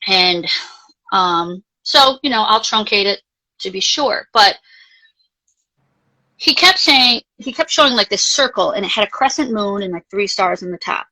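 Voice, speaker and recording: A woman life coach, a guest in a live interview, telling a personal story in a chatty, animated way, full of "like" and casual swearing. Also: mid-range voice, measured pace, poor audio. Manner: chatty, animated, frequent filler "like", casually profane.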